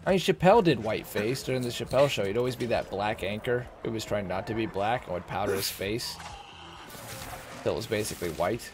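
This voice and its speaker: A man's voice: fairly low pitch, brisk, noisy background. Blunt, swearing gamer guy. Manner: blunt, profane, animated. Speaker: stream co-host. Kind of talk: casual chat while gaming.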